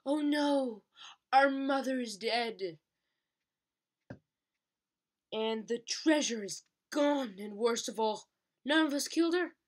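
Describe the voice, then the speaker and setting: A woman's voice: mid-range voice, measured pace, fairly bright tone, slightly rough. A woman voicing a bossy, insistent eldest young female dragon.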